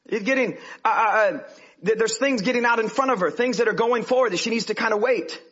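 Male preacher, high bright husky voice, animated sermon delivery, dull lo-fi recording. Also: fairly quick. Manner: animated preaching, swinging from hushed to loud.

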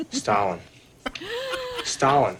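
A man's voice: mid-range voice, background noise, exaggerated voice. An actor playing a nervous, heartbroken teenage boy who talks in a panicky, self-pitying way in a film clip.

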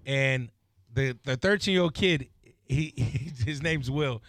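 Male radio host, animated laughing storyteller, dry close mic. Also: mid-range voice, a little slow, no room sound. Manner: animated storyteller, laughs often, says bro. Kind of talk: casual radio chat.

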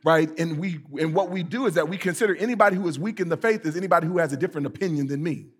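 Man preaching, light high voice, chatty and emphatic, plays out little voices. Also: very fast, husky. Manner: conversational, animated, rising to emphatic peaks on scripture; acts out quoted voices for comic effect. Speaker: pastor. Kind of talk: sermon.

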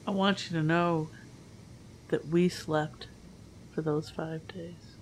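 Give voice to a steady woman adventurer who speaks in a calm, reassuring way to someone who has been through a lot. Her pitch stays in an ordinary middle register, voiced by a player at a gaming table, with a faint hiss of noise under her. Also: slow pace, poor audio.

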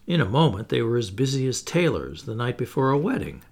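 Husky, lively male storyteller. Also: medium pitch, a little fast, hardly any pauses. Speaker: audiobook narrator. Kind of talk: storybook narration.

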